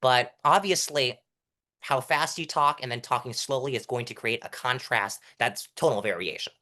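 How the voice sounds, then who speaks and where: Stuffy-nosed young man explaining speaking. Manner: demonstrative, shifts loudness and pitch to illustrate; self-admitted fast talker. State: stuffy nose. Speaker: interview guest, mock trial coach. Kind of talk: explaining public speaking technique.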